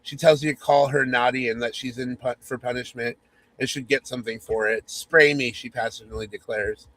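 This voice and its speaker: Male host reading a spoof romance aloud; mock-sultry, teasing, medium pitch. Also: little pitch movement, a little fast, no echo, poor audio. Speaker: podcast host.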